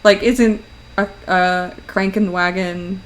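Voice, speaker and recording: A woman's voice: medium pitch, steady tone, takes it slowly, a little hiss or hum, poor audio. A woman streaming while she draws, chatting casually, laughing often and reacting to her chat.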